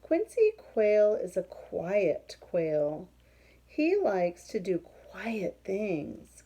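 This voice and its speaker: A woman reading a picture book aloud to children, explaining pictures and asking questions, with a husky voice. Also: mid-range voice, mellow, rough recording.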